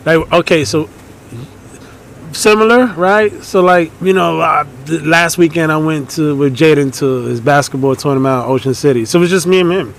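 Animated, high-voiced man telling stories. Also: normal speed, gravelly, a little hiss or hum. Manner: animated storyteller, acts out quotes in a raised voice, laughs often. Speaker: podcast co-host. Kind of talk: casual chat among friends.

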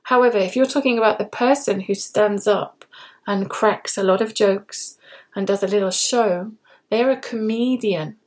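A British woman hosting a podcast English lesson, speaking slowly and clearly and repeating example words. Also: medium pitch, a little mellow. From Britain. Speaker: English teacher and podcast host.

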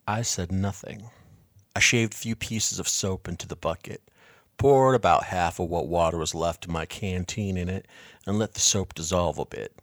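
A man reading a first-person story aloud in a measured, quiet, reflective way. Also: sits low, dry recording, clean studio sound. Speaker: narrator.

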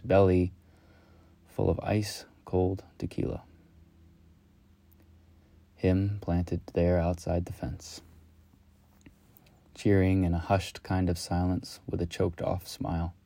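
A man reading a reflective personal story in a slow, measured, lyrical way. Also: sits low, dark tone, no room sound. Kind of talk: reflective spoken-word storytelling.

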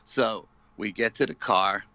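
A man's voice: on the low side, measured pace, pushed and bright, dry recording, highs cut off. A man, a paranormal investigator, telling a story in an interview with lots of fillers, acting out what people said. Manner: vivid storyteller, many fillers, acts out quotes.

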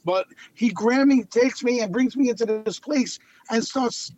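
A man, a clown telling lively stories as an interview guest and repeating phrases for emphasis. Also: very high-pitched, a little slow. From Long Island, New York. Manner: animated anecdotal storyteller, repeats phrases for emphasis. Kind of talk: casual storytelling interview. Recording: dull lo-fi audio.

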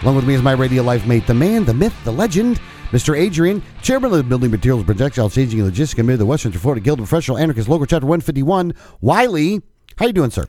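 A man co-hosting a podcast, upbeat and quick in casual banter, with showman-style introductions. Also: medium pitch, sing-song, dark tone, soft background music. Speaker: co-host. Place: small podcast studio.

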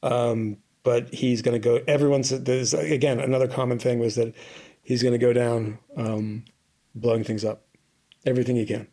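A tired man on a podcast tells a long travel story over a remote line. His voice has a gravelly edge, and his speech keeps rambling and restarting. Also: medium pitch, level tone, moderate pace, warm tone. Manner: rambling, many restarts and fillers. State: tired, bleary-eyed. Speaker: podcast co-host reporting from abroad. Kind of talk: casual conversational storytelling. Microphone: remote call-in.

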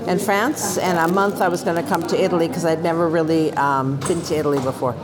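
A woman from California, in her sixties, answering interview questions in a relaxed way with short fillers, recorded in a roadside bar. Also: fairly low pitch, quick pace, a crowd in the background, low-quality recording. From California, USA. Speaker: interview guest. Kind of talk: casual interview. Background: loud background music.

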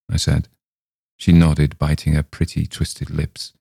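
Host reading fiction aloud, measured man, gravelly and dry. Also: very deep voice, monotone, warm tone, dry recording. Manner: measured storytelling. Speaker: podcast host reading stories. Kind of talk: reading a short story aloud.

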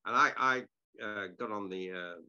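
A retired sports broadcaster, older now, chats as an interview guest, telling meandering, self-deprecating stories from his time on air. His fairly low voice has a sharp tone and moves at a moderate pace, the audio is muffled, and he frequently restarts sentences and clears his throat.

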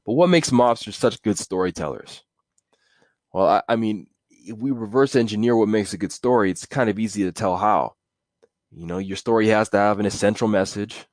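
Low-voiced man rambling on a podcast. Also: moderate pace, no room sound, clean studio sound. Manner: rambling, self-correcting, with chuckles. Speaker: podcast host. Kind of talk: casual solo podcast talk.

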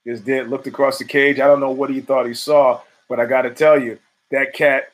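A man's voice: medium pitch, level tone, normal speed. A man hosting his own show, giving rambling, profane solo commentary full of restarts and fillers. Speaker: podcast host.

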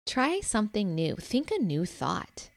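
A woman's voice: medium pitch, wildly swooping pitch, a little slow, vocal fry, dry recording. A woman hosting a solo podcast as a life coach, talking in an earnest, encouraging way and laughing easily. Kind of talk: solo spiritual podcast monologue.

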